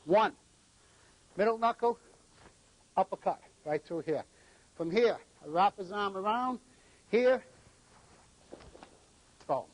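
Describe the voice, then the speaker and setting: A man's voice: sits high, expressive, slow pace, long pauses, poor audio. A middle-aged man from New England, a martial arts instructor who gives short commands and counts out the moves during a live demonstration.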